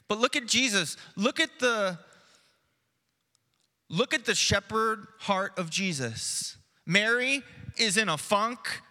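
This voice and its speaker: Pastor, man, high bright voice, unhurried earnest sermon delivery, church hall reverb. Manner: measured, earnest preaching, dropping soft and slow for reflection. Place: church sanctuary.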